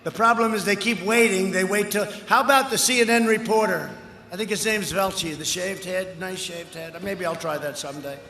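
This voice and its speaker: An older man giving a campaign rally speech outdoors, boastful and rambling, with punchy repetitions, heard through a loudspeaker. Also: high-pitched, a little fast. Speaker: political candidate. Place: outdoor rally before a large crowd. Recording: echoey outdoor PA with crowd noise.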